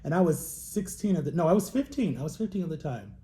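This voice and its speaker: A man's voice: a little high, very animated, fast, warm tone. A man in his thirties talking openly and emotionally in a personal vlog, with emphatic repetitions. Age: 30s. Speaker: vlogger.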